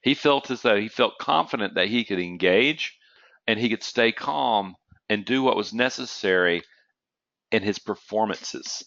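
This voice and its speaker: His voice sits on the low side, creaky yet fairly bright, and a little slow. The man is delivering an online lecture on trading psychology, telling stories casually with frequent "okay?" check-ins and an occasional cough. The recording is echo-free and dull.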